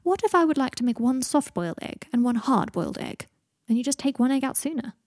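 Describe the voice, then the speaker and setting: A woman voicing an earnest, affectionate young man, often soft and hushed, quick to flare up. The voice is husky and mellow. She is an audiobook reader doing his part. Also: sits high, lively intonation, dry recording, clean studio sound, voice pushed up. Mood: exasperated.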